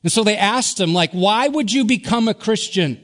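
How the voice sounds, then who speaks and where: A middle-aged pastor from Wisconsin preaching a sermon, earnest, often sinking to a hushed soft emphasis. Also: male voice, sits high, lively intonation, moderate pace. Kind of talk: Easter sermon.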